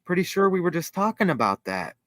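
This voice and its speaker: A man hosting a casual livestream chat, excitable and rambling, thinking aloud as he reads. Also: high voice, brisk, dry recording. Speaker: host.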